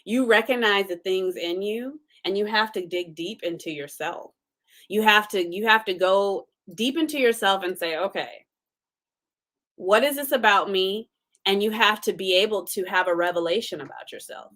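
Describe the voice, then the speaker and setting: A woman talks straight to her listeners in a motivational faith talk. Her voice sits at a medium pitch. She comes across earnest and preachy, firing off rhetorical questions like a sermon. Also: normal speed, fairly bright tone. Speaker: host.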